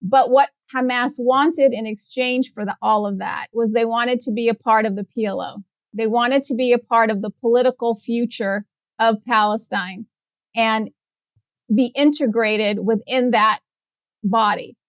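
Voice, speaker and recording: Woman policy guest, fairly high voice, dry studio sound, measured explaining. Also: steady tone, no room sound. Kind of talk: explanatory interview answers.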